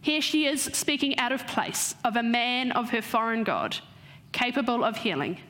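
A woman's voice: fairly high pitch, fairly bright tone. Woman preaching a storytelling sermon. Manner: storytelling, slows for emphasis.

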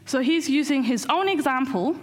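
A woman with a somewhat high voice talks through a sermon in a loose, conversational way. She hesitates often and fills her pauses with ums and uhs. Her delivery stays informal. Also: animated. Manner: conversational, hesitant with many fillers. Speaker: preacher.

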